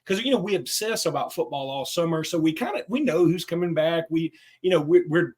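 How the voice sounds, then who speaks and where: Animated man hosting a sports podcast. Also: on the high side, fairly quick, breathy edge. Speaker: podcast host. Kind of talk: casual sports chat.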